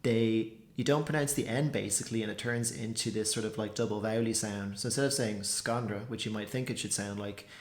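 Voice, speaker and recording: A man's voice: fairly low pitch, steady tone, fast, few pauses, roomy sound. A man giving a casual spoken language lesson, chatty and loose, with plenty of "like" and "so" fillers. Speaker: language teacher.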